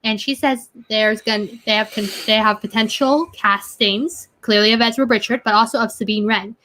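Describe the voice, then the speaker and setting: Bright-voiced young woman co-host. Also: on the high side, steady tone, normal speed, slight background noise. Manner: eager, chatty with fun facts. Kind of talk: casual chat.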